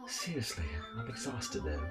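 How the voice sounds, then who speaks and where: A man voicing a weary, mild young man of the house, quiet and hesitant. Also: medium pitch, sing-song, normal speed, over loud music, lightly acted.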